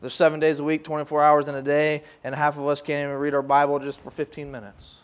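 His voice is on the high side, fast, clear and resonant as he gives a casual sermon to youth. With lively energy he voices the scoffers himself, and he keeps restarting and dropping in fillers.

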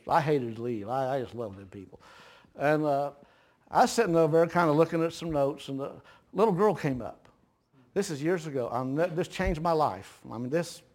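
A middle-aged man preaching a sermon in a folksy storytelling way, dropping to a hush and then rising to a shout. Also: fairly high pitch.

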